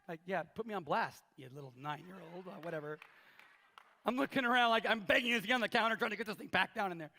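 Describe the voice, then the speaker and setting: In a big church hall, a man in his fifties delivers a sermon as pastor, bringing his stories to life by voicing each character. He speaks at a quick pace in a voice that sits high. The live hall lends the recording long reverb.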